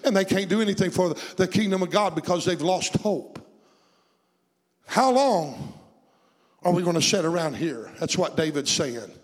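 A man's voice: high-pitched, long reverb tail. A man preaching a sermon in a fervent, rhythmic way, stacking repeated phrases.

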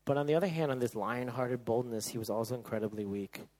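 A male pastor preaching a sermon, moving from loud emphatic bursts to soft, hushed passages. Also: mid-range voice, quick pace, poor audio.

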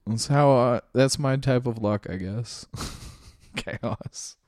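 A man's voice: mid-range voice, takes it slowly, darkish tone, no room sound, studio quality, faint music behind. A man telling wild stories in casual chat as a podcast guest, laughing often and swearing as he acts out the other people. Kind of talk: casual storytelling.

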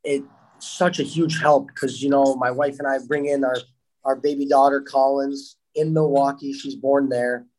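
Upbeat young hockey player, laughing often. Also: male voice, medium pitch, level tone, moderate pace, darkish tone, rough recording. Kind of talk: casual interview answers.

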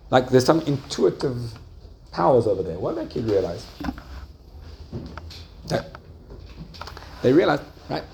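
A man teaching a class, telling a story with lively rises and soft drops and asking his listeners questions. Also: medium pitch, slight background noise. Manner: animated storytelling, rising excitedly and dropping softly. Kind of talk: lively lecture with questions to the audience.

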